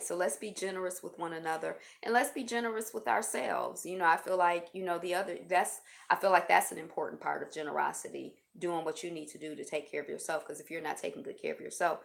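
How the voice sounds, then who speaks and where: A woman's voice: fairly low pitch, fairly even intonation, fast talker, creaky, hardly any pauses. A woman hosting a live stream indoors at home, reading short passages aloud and stopping to muse and chat with viewers. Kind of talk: casual reflective reading and chat. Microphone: built-in camera mic.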